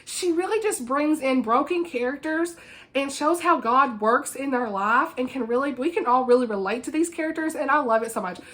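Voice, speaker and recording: Gushy giggly woman talking books on her channel, bright voice. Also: high-pitched, animated, moderate pace. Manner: chatty, gushing, giggly asides. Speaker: book vlogger. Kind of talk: casual book review chat.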